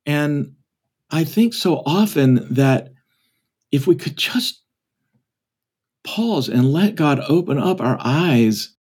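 A man's voice: a little high, expressive, slow, pauses often, a little mellow, slightly rough. A man, a pastor and author, telling a story earnestly and acting out its voices as a podcast guest. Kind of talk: storytelling talk.

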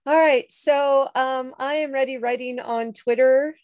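A woman's voice: sits high, steady tone, a little mellow. A woman co-hosting a podcast, reacting with short casual remarks and questions. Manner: quick reactive listener with short affirmations. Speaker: podcast co-host. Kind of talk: casual chat.

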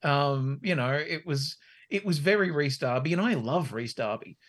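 A woman's voice: low-pitched, expressive, normal speed. Rambling, swearing woman podcaster. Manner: rambling, swears freely, laughs a lot. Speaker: podcast co-host. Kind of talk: casual podcast chat.

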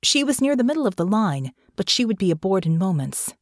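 A woman giving scripted fantasy narration for an audiobook in a measured, steady way. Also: mid-range voice, no room sound, clean studio sound.

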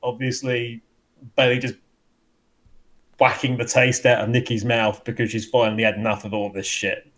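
A man's voice: mid-range voice, level tone, moderate pace, pauses often, a bit bright. Rambling man reviewing wrestling. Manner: rambling, frequent restarts and laughs. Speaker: podcast co-host. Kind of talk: casual chat reviewing wrestling.

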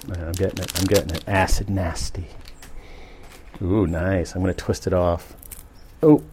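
Low-voiced guy rambling on his podcast, laid back, bit of faint room hum behind. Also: moderate pace. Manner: relaxed, chatty, self-amused. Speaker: podcast host. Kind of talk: casual rambling monologue.

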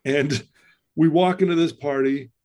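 A man's voice: a little high, fairly even intonation, a little slow, darkish tone. A middle-aged man, a personal-development coach, tells his life story as a podcast guest, acting out the dialogue.

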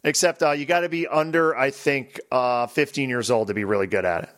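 A man's voice: mid-range voice, brisk, fairly bright tone. A man hosting a podcast, chatting casually, prompting his co-host and teasing.

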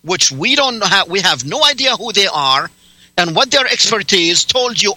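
A man's voice: sits high, sing-song, normal speed, sharp tone, no echo, rough recording. A male radio talk show host arguing heatedly with a caller, interrupting and demanding answers in a sarcastic tone. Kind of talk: heated on-air argument with a caller.

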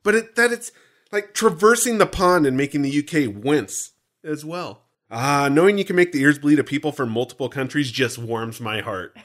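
A man's voice: fairly high pitch, animated, moderate pace, a bit bright. An American man co-hosting a podcast in a jokey, playful, theatrical chat. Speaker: podcast co-host.

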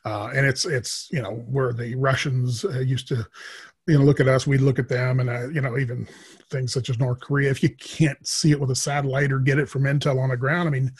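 A middle-aged man with a husky, somewhat breathy voice speaks as a podcast guest. He tells casual stories at an ordinary pitch. He rambles and fills his pauses as he goes. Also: fairly even intonation. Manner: rambling, many filler pauses. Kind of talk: casual storytelling interview.

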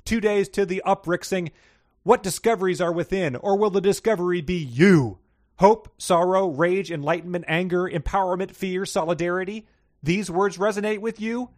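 A man's voice: sits high, moderate pace, pitched above the performer's own voice, close to an everyday voice. A man voicing a fierce, glamorous female diva who gives a sassy, theatrical pep talk.

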